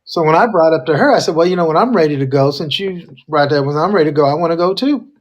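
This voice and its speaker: Animated man telling a dating story. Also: a little high, fast talker, dull audio. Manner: animated storyteller, acts out quoted lines. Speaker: co-host.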